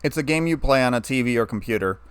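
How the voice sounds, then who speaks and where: A man reading a story aloud, voicing a sarcastic, guarded young human man with a flat, wry delivery. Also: mid-range voice, fast talker, clear, resonant tone, no echo, natural voice. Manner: wry, flat, turning bitter.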